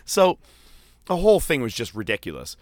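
A man telling a profane, animated story in casual chat, acting out the voices of the people in it. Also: mid-range voice, moderate pace, no echo. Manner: profane, animated, acts out quotes.

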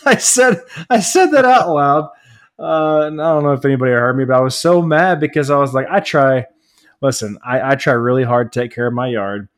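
A man from the United States co-hosting a podcast, telling long rambling stories, often laughing and growing animated as he rants. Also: medium pitch, a little fast. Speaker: podcast co-host. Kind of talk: casual chat.

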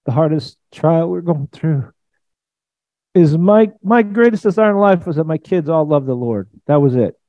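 A man preaching a sermon in a conversational, emphatic way, swinging between loud and soft. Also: fairly high pitch, lively intonation, moderate pace, no room sound, highs cut off. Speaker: pastor.

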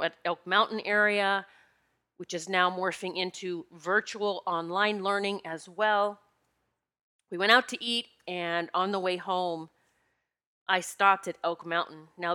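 Woman host, bright and candid, spiritual storyteller, animated and emotional. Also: lowish voice. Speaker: podcast host and retreat leader. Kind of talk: personal spiritual talk to listeners. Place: Pennsylvania home.

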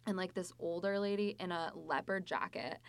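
A woman chatting casually about a book and telling a story, full of fillers and lively asides. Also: fairly low pitch, normal speed, vocal fry.

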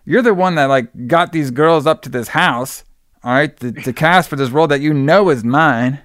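A man's voice: a little high, moderate pace, a bit bright, no echo, studio quality, natural voice. Man doing a haughty, indignant actress. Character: haughty, defensive young actress.

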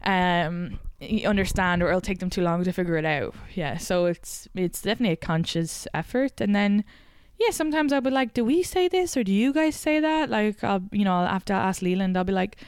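A young Irish woman with a blend of Dublin and country in her accent talks casually on a podcast. Her voice is smooth and clear, recorded close and dry. She tells animated stories full of quick asides. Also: lowish voice, dry recording. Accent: Irish, Dublin and country mix. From Ireland. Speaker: comedian guest.

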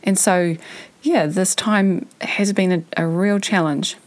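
A woman in her thirties hosts a podcast, thinking aloud in a frank, reflective personal monologue. Her voice is lowish and her tone steady, and she speaks slowly.

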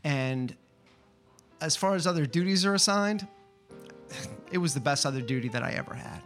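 A man telling a personal story at a live open-mic event, chatty and excitable, full of fillers and restarts. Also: a little high, moderate pace, soft background music.

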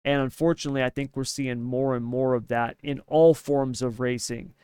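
A man's voice: mid-range voice, fairly even intonation, moderate pace, darkish tone, smooth, no room sound, clean studio sound. A man co-hosting a podcast in casual opinion chat, emphatic and ranting, often tagging his points with "right?". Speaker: podcast co-host.

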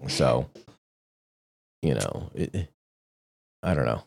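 A man's voice: a bass voice, drawn-out words, vocal fry. A man co-hosting a casual podcast chat, blunt and profane, telling stories with lots of energy. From lived in New York City. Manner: blunt, profane, animated storytelling. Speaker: podcast co-host.

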